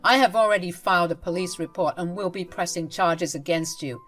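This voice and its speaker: A woman voicing an angry adult man, a husband and father, who speaks in a stern, forceful way. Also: on the low side, a little fast, faint music behind. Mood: furious.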